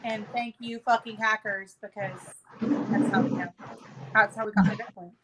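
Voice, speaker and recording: A woman in her thirties, a podcast guest telling a story in casual chat with a profane, animated manner. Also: medium pitch, moderate pace, very noisy.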